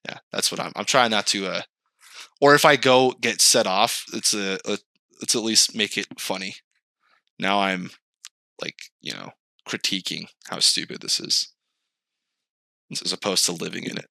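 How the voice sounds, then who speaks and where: A man co-hosting a podcast in casual chat, animated and swearing, acting out outbursts. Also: fairly low pitch, moderate pace, vocal fry, pauses often, dry recording. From California. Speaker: podcast co-host.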